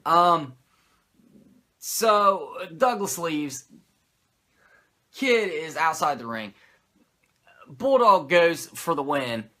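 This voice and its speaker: A man's voice: on the high side, lively intonation, drawn-out words, long pauses, pushed and bright. A man recapping an old wrestling episode in casual, rambling commentary, swearing freely and going off on tangents. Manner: rambling, profane, self-mocking. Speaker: wrestling show reviewer.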